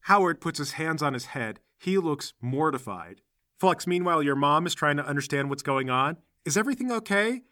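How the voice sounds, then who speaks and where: Bright-voiced male game master. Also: a little high, moderate pace, no echo, clean studio sound. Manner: lively, comic narration. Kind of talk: narrating a tabletop game.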